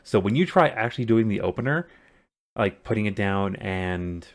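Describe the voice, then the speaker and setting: A man with a fairly low voice runs a tabletop game from a room at home. He sets the scene plainly and steadily, now and then dropping in a quick aside. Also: expressive. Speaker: game master.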